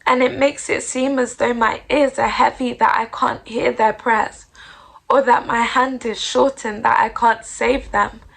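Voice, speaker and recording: Woman podcast host, higher pitch, fry in the voice, unhurried and heartfelt. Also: fairly bright tone, rough recording. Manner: earnest, heartfelt. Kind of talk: reflective devotional monologue.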